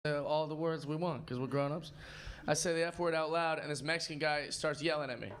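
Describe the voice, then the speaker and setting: A man's voice: fairly high pitch, steady tone, fairly quick, a bit bright, clean tone. A male stand-up comedian telling a loose story on stage and acting out the quotes. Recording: live stage with crowd laughter.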